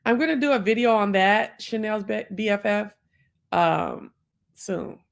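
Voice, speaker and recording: A creaky, mid-range voice belongs to a woman in her forties who is chatting casually on a live stream. She reflects on the poem, peppering her talk with fillers and quick asides.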